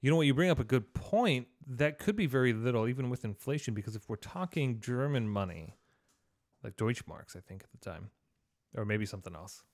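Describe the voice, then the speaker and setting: Male co-host, wry and chatty, mid-pitched everyday voice. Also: lively intonation, brisk, darkish tone. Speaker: podcast co-host. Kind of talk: casual chat.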